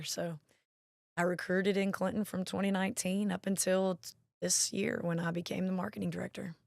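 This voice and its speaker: A woman's voice: fairly low pitch, little pitch movement, fairly quick, gravelly, darkish tone, dry recording, studio quality. A woman, a National Guard marketing director telling stories as an interview guest. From Mississippi. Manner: chatty storyteller, acts out quoted voices. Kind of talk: casual interview chat.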